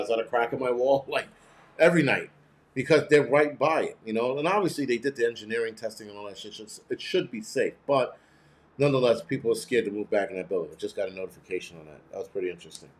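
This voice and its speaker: A man hosting a casual live commentary, blunt and profane, rambling with many restarts. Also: medium pitch. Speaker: host.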